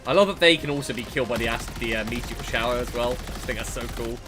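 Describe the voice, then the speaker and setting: A man, hosting a podcast stream and chatting excitedly while playing a game. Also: medium pitch, very fast, music in the background.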